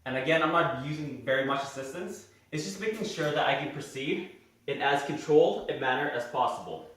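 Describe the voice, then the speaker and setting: A man plays a fitness trainer in a gym, explaining each exercise step by step as he demonstrates the moves. His mid-range voice is animated, fairly quick and fairly bright. The very echoey room makes him sound distant.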